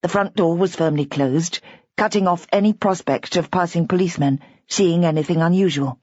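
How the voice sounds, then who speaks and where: A woman narrating a mystery audiobook in a measured, even way. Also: fairly low pitch, dry recording. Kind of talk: scripted narration. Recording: dull, lo-fi audiobook recording.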